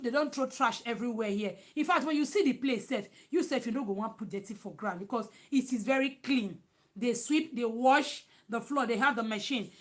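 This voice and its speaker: Loud, animated Nigerian woman. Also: on the high side. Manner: animated, loud and emphatic, with many restarts. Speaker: vlogger. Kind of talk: casual vlog chat.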